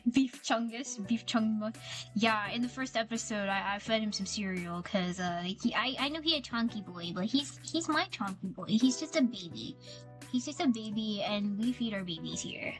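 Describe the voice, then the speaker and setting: A woman's voice: mid-range voice, lively intonation, moderate pace, faint music behind. A woman streaming a game, chatting casually and gushing over the characters, often repeating herself. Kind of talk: casual gameplay commentary.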